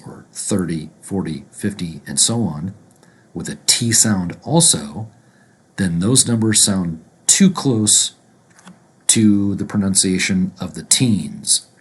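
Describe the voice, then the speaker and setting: A man teaching pronunciation, speaking deliberately and repeating each word slowly. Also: low-pitched, slightly rough. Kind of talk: slow instructional explanation.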